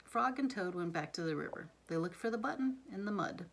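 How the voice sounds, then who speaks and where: Woman, reading bedtime story to her child, soft hushed voice, often whispered, lively intonation. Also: fairly low pitch, brisk, husky.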